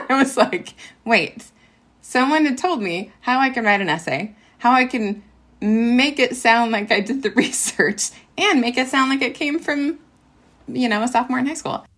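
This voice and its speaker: Interview guest: a woman in her forties, chatty and animated, reliving a story with fillers and quoted lines. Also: fairly high pitch, normal speed. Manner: animated retelling with many fillers and quoted dialogue. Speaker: interview guest, ed tech worker and former teacher. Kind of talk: casual storytelling.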